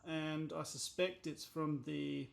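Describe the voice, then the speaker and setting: A blunt Australian man talks through a watch repair at his bench in a casual, exasperated way. His voice sits a little high for a man and has a gravelly, creaky edge. He doesn't hold back from swearing when something annoys him. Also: fairly even intonation, slow pace. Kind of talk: casual workbench commentary.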